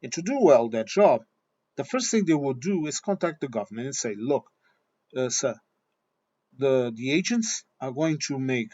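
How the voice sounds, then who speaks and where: A man's voice: mid-range voice, expressive, normal speed, a little mellow. Blunt, swearing man on a dull recording. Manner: blunt, swearing, repeats himself. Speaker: vlogger. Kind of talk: opinion monologue.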